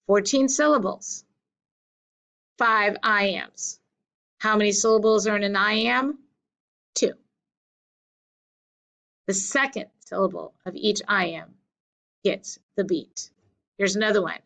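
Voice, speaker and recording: Slow, patient woman teaching a class. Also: medium pitch, vocal fry, a bit bright, poor audio. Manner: slow, patient, repeats and counts out beats. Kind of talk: classroom lecture.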